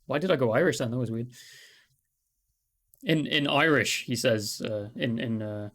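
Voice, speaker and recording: A man's voice: medium pitch, moderate pace, fairly bright tone. A man narrating a tabletop game as game master on a live stream, often laughing and correcting himself.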